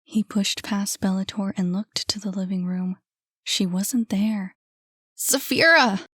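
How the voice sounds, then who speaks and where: A woman narrating an audiobook in a soft, hushed voice. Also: mid-range voice, flat delivery, unhurried, no echo, clean studio sound. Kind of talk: scripted narration.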